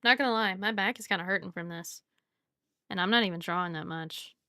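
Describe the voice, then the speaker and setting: A woman's voice: lowish voice, a little fast, sharp tone, no echo, studio quality. A woman from the Southern United States, chatting casually while she draws on a live stream. She rambles and often laughs. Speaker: art streamer.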